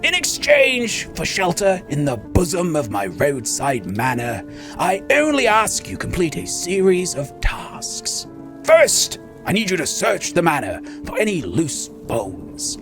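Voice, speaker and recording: A man voicing a courteous but creepy lord of a dark manor, reading game dialogue slowly and formally in a put-on voice. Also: medium pitch, huge pitch swings, creaky, soft background music, voice pushed down, exaggerated voice. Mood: ominous, courtly. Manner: slow, theatrical, formal speech.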